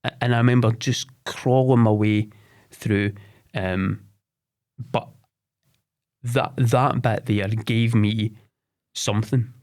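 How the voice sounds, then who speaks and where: A fairly low-voiced man in his forties tells his life story on a podcast. He speaks candidly and haltingly, stumbling over repeated words and restarting his sentences as he goes. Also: steady tone, a little mellow. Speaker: podcast guest.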